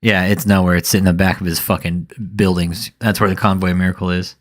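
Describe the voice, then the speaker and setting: A man's voice: low-pitched, flat delivery, a little fast. A man giving live reaction commentary in an angry, profane rant.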